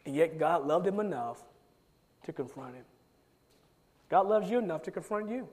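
A man with a high voice preaches a sermon, swinging from loud, urgent emphasis to low, quiet asides. He repeats words in rapid bursts as he builds a point. His voice rings through a large hall with a long reverb tail. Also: expressive. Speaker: pastor.

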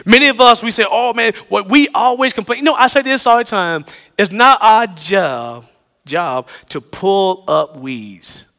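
High, bright-voiced preacher man in a reverberant hall. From American South. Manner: swings from loud emphatic lines to hushed low ones. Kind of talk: sermon.

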